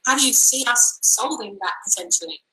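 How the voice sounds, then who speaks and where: A woman's voice: a little high, expressive, fairly quick, bright, forceful tone, reverberant, rough recording. A woman hosting an interview, asking enthusiastic questions and using fillers now and then. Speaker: interview host. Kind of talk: conversational interview.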